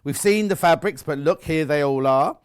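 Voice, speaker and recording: A British man hosts a live craft shopping show from a TV studio. His voice sits a little high for a man, and he chats breezily, teasing viewers as he reads their messages aloud. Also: moderate pace, clear, resonant tone. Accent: British English. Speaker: shopping channel presenter.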